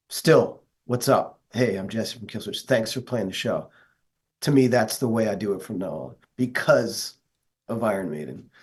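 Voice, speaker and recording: A man's voice: medium pitch, darkish tone, slightly rough. A man from the northeastern United States speaks as an interview guest. He tells stories in an earnest, enthusiastic way, and his voice sits in a middle register. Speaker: guest, metal vocalist. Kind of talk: casual interview chat.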